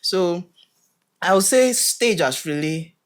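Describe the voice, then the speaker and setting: Animated Nigerian man telling stories. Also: high-pitched, takes it slowly. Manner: animated storyteller, acts out quotes, laughs often. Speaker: guest actor. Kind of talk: casual podcast interview. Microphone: podcast studio mic.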